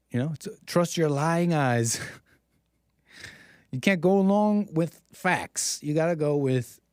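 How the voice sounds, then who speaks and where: A man's voice: a little high, a little mellow, dry recording, studio quality. A man hosting a live stream, talking in a sarcastic, mocking, rambling monologue. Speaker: stream host.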